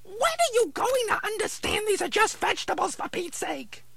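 A very high, gravelly little voice belongs to a cranky male dummy who plays a vegetable therapist. He is bright and sharp in tone and swoops all over in pitch. He talks back gruffly and sarcastically in a ventriloquist comedy routine. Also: very animated, normal speed, dry recording, heavily acted. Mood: snappish.

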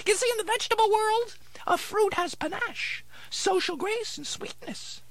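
A man voicing a cranky male dummy who plays a vegetable therapist, gruff, impatient and sarcastic. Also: very high voice, normal speed, fairly bright tone, voice pushed up. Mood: deadpan. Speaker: ventriloquist's dummy. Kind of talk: ventriloquist comedy routine.

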